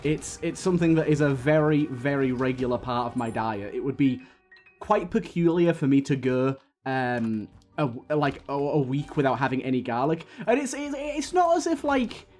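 A chatty man talks his way through a game run, full of fillers and quick restarts, with the odd hiccup breaking in. His voice sits at an ordinary middle pitch, and soft game music plays faintly underneath. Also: animated. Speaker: gaming YouTuber. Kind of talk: casual gameplay commentary.

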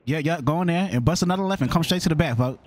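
A man's voice: a little high, racing. A man playing his role-play character in casual, slangy voice chat, hosting a party and laughing often.

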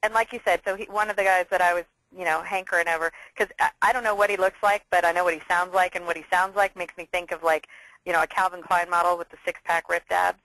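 A woman hosting a casual business interview, enthusiastic and talking in quick bursts. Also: lowish voice, fairly even intonation, fairly bright tone, no room sound, rough recording. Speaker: interview host.

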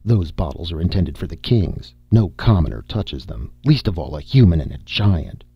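A man voicing a stern, officious male amphibian captain with a gruff, barking delivery. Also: sits low, sing-song, normal speed, no room sound, dull audio, full character voice.

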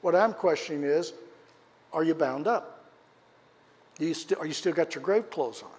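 High-voiced pastor preaching in a reverberant church. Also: male voice, moderate pace. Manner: dramatic storytelling, rising for quoted shouts and dropping low for emphasis; asks questions of the congregation. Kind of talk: sermon. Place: church sanctuary. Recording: church hall with long reverb.

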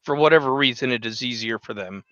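A man talking on a casual podcast with a bright, forceful tone. He is chatty and eager, often restarting his thoughts. The sound is dry and a little dull, as from a modest home setup. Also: mid-range voice, quick pace, dry recording. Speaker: podcast co-host.

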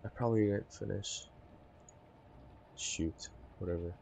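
A man's voice: lowish voice, unhurried, vocal fry, warm tone, a little hiss or hum. A man playing a video game and reading its text aloud, with offhand, mumbled asides. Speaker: gaming YouTuber.

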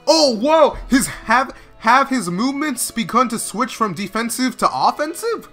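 A man commenting live on a show as he watches it, talking casually with lots of slang and breaking into loud exclamations. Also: extremely high pitch, unhurried, soft background music. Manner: excitable, bursting into exclamations and laughs; slangy, casual filler talk. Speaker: reaction video host.

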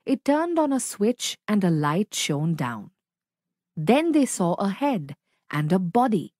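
Slow, lively woman reading a children's story. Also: mid-range voice, dry recording, studio quality. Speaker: storybook reader. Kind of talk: children's story read-aloud.

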